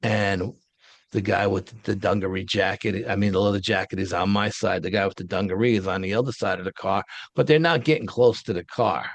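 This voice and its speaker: A man's voice: fairly low pitch, fairly even intonation, a little fast, no room sound. A man, an interview guest telling a story in a casual, blunt, street-wise way. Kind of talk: casual first-person storytelling.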